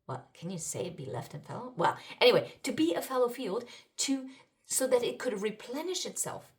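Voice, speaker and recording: Excitable woman reading spiritual cards. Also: on the high side, moderate pace. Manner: excitable, exclaiming, swings between murmuring and loud. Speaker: spiritual card reader. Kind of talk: intuitive card reading to viewers.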